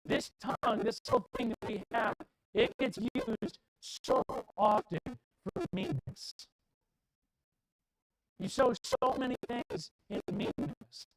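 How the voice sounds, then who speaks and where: A man's voice: high-pitched, very animated, a little slow, noisy background. A man preaching a sermon in a church, with an emphatic, repetitive cadence. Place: church sanctuary.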